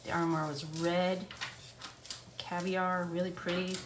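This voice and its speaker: A middle-aged Canadian woman with an English Canadian accent demonstrates furniture painting in a chatty live craft tutorial, narrating each step as she goes. Her voice is fairly low with little pitch movement and a measured pace. A camera on a stand picks her up in an echoey room with background noise.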